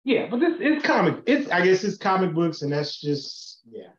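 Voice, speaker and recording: A man with a very high voice joking bluntly and swearing freely in casual podcast chat. The sound is echoey and dull, like a lo-fi recording in a bare room. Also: very animated, moderate pace. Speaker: podcast co-host.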